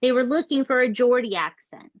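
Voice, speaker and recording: Her voice is high and her pace fairly quick as she chats casually with co-hosts about a true-crime story, animated, profane and emphatic in her asides. She's the podcast host, recorded on a dull, dry mic with no echo.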